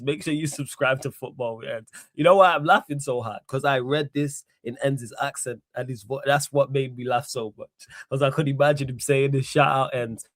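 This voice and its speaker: A man hosting a live football talk stream, energetic and full of street-slang shout-outs to his viewers. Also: mid-range voice, normal speed, no room sound, studio quality. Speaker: host.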